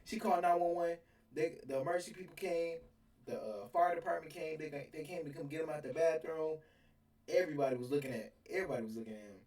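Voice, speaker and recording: A young man telling a rambling, animated storytime, laughing as he goes. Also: a little high, quick pace. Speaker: storyteller vlogger. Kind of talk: casual storytime. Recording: roomy sound from a distance.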